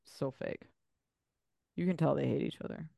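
A woman's voice: extremely low pitch, moderate pace, creaky, dark tone, dry recording, clean studio sound. A woman co-hosting a podcast in casual talk, laid-back and agreeable, often trailing off mid-thought. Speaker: podcast co-host. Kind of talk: casual chat.

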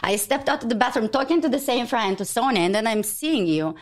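A woman, a guest on a podcast, telling a story quickly and expressively and acting out the dialogue. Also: a little high. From Ukraine. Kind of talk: animated storytelling.

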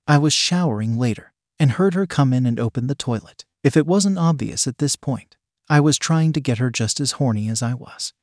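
Casting: male story reader, mid-pitched, steady and even, dry close mic. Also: dry recording. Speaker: story narrator. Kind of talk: reading a story aloud.

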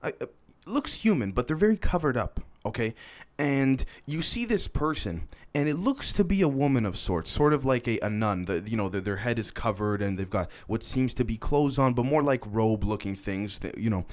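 A man hosts a podcast in a casual storytelling monologue, his voice sitting at an ordinary middle pitch. He rambles a little as he goes and speaks straight to his listeners. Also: expressive, moderate pace, a little mellow. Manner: rambling, conversational, addresses listeners directly. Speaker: podcast host.

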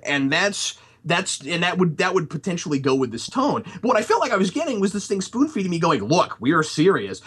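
Husky guy rambling about a movie, kinda high voice, lots of uh and restarts. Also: a bit bright. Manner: rambling, many restarts and fillers. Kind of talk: casual movie review chat.

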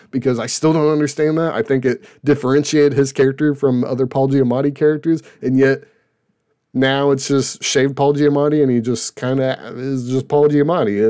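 Young guy ranting about tv, sarcastic and rambly, kinda dark relaxed voice. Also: mid-range voice. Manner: sarcastic, rambling, laughs at his own jokes. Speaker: podcast host reviewing TV shows. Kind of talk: casual opinionated chat.

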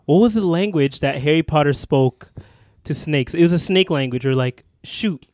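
A man's voice: a little high, normal speed, darkish tone. A man co-hosting a podcast in casual, joking banter with his cousin, often laughing. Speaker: podcast co-host. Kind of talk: casual chat.

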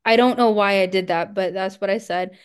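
A woman's voice: medium pitch, a little fast, clear, resonant tone. A woman co-hosting a podcast, telling rambling, self-deprecating stories in casual chat and laughing often. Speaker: podcast co-host.

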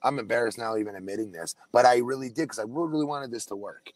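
A man's voice: medium pitch, quick pace, no room sound, poor audio. A middle-aged man co-hosting a casual podcast chat, telling stories about himself with a self-deprecating manner and frequent restarts. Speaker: podcast co-host, former wrestler.

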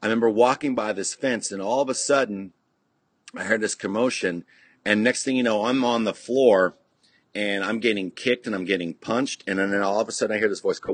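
A man's voice: lowish voice, a little fast, no room sound. A middle-aged man from California telling a story in casual podcast chat, rambling and profane, full of restarts and "you know". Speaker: podcast guest, punk musician.

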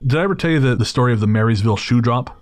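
A man's voice: medium pitch, expressive, rapid-fire. Wry male podcast host telling a story. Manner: wry, digressive, with restarts. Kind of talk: casual storytelling.

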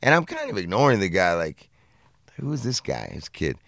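A middle-aged man telling a profane, animated story in casual podcast chat, acting out what people said. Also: sits low, fairly quick, gravelly, dry recording, studio quality. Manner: profane, animated anecdote with acted-out quotes. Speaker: podcast co-host.

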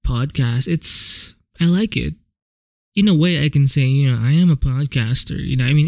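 A man's voice: mid-range voice, creaky, a little mellow, dry recording. A man hosting his own podcast, talking alone in a casual, rambling way, swearing freely and often correcting himself mid-sentence, recorded on a home podcast microphone. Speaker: podcast host. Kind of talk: solo reflective podcast monologue.

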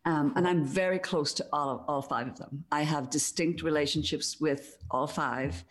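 A woman's voice: sits low, fairly even intonation, moderate pace. A middle-aged woman with an Irish accent, guest in a casual conversation, speaking reflectively and laughing easily. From Ireland, Donegal.

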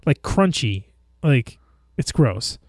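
A man in casual chat as a podcast co-host, relaxed and rambling, with dry jokes. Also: medium pitch, slow, breathy edge, dry recording.

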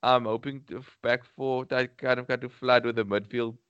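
A man's voice: medium pitch, fairly even intonation, moderate pace, fairly bright tone, clear, resonant tone, no room sound, dull audio. A man co-hosting a casual football podcast, thinking aloud with frequent hesitations and restarts. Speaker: podcast co-host.

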